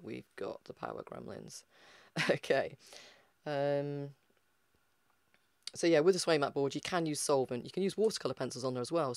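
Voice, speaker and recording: A man's voice: mid-range voice, dry recording. A man giving a casual, chatty art lesson on a livestream, explaining with lots of fillers. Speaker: art tutor.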